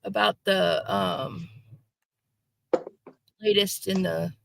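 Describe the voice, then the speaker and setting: A woman's voice: mid-range voice, steady tone, slow pace, creaky, a little hiss or hum. A woman hosting a casual live online panel, chatty and jokey, talking into a call mic. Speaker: host.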